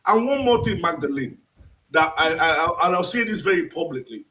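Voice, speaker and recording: Animated Nigerian-born man, bright and distant. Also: on the high side, brisk. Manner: animated, emphatic storytelling with acted-out quotes. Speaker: lecturer and interview guest. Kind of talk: live online interview. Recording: distant from the mic.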